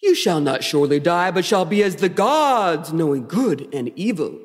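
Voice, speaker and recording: A woman putting on a slow, solemn voice for a dramatic male devil tempter, impersonating an old film's delivery. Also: fairly low pitch, lively intonation, long reverb tail, natural voice. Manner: slow, solemn, exaggerated film-style delivery.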